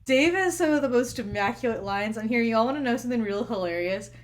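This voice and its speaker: A woman's voice: fairly high pitch, fast talker, crowd noise. A woman streamer chatting casually with friends, laughing often as she talks. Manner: laughing, animated. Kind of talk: casual chat.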